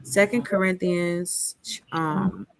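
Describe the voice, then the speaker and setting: Guest reading scripture, mid pitch, monotone, dry recording, calm encouragement. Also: takes it slowly, vocal fry, no room sound. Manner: gentle, faith-filled encouragement. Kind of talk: sharing scripture in conversation.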